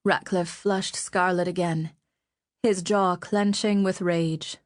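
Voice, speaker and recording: A woman reading an audiobook with measured, even storytelling narration. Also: on the low side. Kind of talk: scripted narration.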